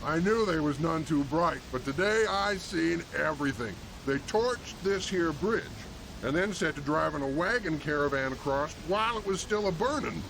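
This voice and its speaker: A grumbling backwoods villager with a gravelly, rustic drawl and rough grammar. His voice sits a touch higher than most men's. It plays as game dialogue, with background noise clearly under it. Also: animated, normal speed. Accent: rustic drawl, put on. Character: grumbling backwoods male villager, middle-aged.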